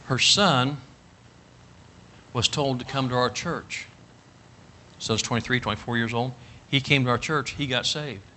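A middle-aged man preaching a storytelling sermon, folksy and animated, rising to loud emphatic bursts. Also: medium pitch, measured pace, long pauses, a little hiss or hum. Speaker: pastor.

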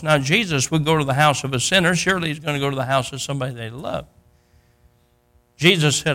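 An older male preacher delivering a sermon in a bright, forceful voice that sits a little high for a man. He tells the story in a homespun, folksy manner, acting out each character and climbing to loud, fervent peaks. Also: fairly quick.

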